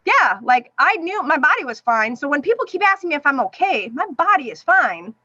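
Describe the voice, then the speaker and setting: A woman's voice: high voice, a little fast, no echo. A middle-aged woman, a podcast guest, telling an emotional personal story and acting out what others said to her. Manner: animated, acts out quoted voices. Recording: dull, dry sound.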